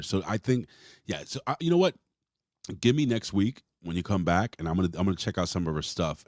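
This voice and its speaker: A man's voice: low-pitched, no room sound, clean studio sound. A man hosting a casual wrestling review podcast, talking loosely and rambling, with some swearing. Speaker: podcast host.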